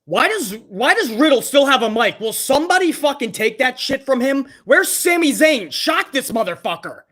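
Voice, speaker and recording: Hosting a live reaction stream, a man rants with exasperated profanity about what he's watching. His very high voice is bright and forceful, very animated, at normal speed.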